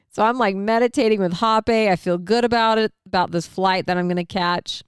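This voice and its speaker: A middle-aged woman casually telling a personal story, acting out her own thoughts in an animated way and swearing freely. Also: on the low side, brisk, hardly any pauses, clear, resonant tone, no echo, clean studio sound.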